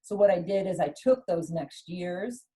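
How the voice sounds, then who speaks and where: A middle-aged woman, a former athlete, telling her story in an interview with lively storytelling and acted-out dialogue. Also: on the low side, normal speed, rough recording. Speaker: guest, former Olympic skier. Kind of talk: conversational interview.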